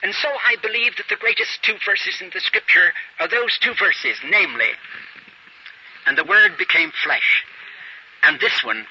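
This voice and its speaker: A man's voice: high-pitched, sing-song, moderate pace, few pauses, sharp tone. A man preaching a sermon, telling a story and acting out the characters' dialogue, on a dull lo-fi recording with faint hiss.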